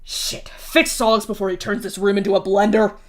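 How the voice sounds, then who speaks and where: A woman voicing a rough-tempered male troll who snarls and hisses at others. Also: medium pitch, little pitch movement, moderate pace, natural voice. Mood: snarling. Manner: snarling, hissing.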